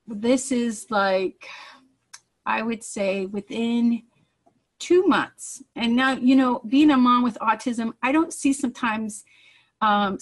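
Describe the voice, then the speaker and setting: A woman's voice: medium pitch, low-quality recording. A woman, a mother, giving an earnest personal testimonial in a conversational storytelling way. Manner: earnest, acts out quoted dialogue.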